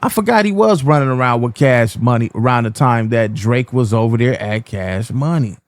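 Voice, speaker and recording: A man's voice: medium pitch, animated, normal speed, dry recording. Dry-voiced man hosting a reaction video. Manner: stammering, repeats himself, talks straight to viewers. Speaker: reaction channel host. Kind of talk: casual reaction commentary to viewers.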